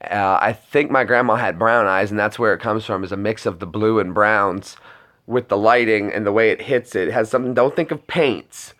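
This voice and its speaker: A man's voice: on the low side, normal speed, a bit bright. A man chatting casually to viewers on a live stream, rambling with lots of restarts.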